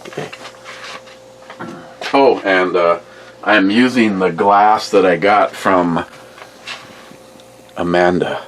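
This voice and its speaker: A man's voice: sits low, takes it slowly, pauses often, fairly bright tone, a little hiss or hum, low-quality recording. A man hosting a casual drink review, rambling and joking with a bit of swearing.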